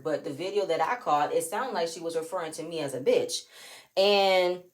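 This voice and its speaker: Sassy, animated woman recapping reality TV. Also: on the low side. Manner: animated, sassy, reenacts quotes in shifting voices. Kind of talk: casual recap commentary.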